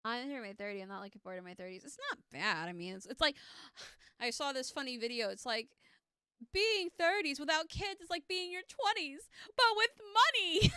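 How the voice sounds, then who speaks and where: Streaming live as a tarot reader, a woman in her thirties rambles, pokes fun at herself, and keeps restarting with plenty of fillers. Her mid-range voice is bright, forceful, and clean, captured as a dry recording with clean studio sound.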